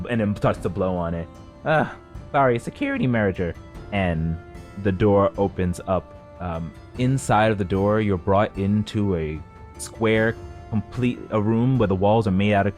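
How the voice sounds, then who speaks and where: A man's voice: low voice, a little mellow. A man narrating as game master in a tabletop game, describing scenes with many fillers.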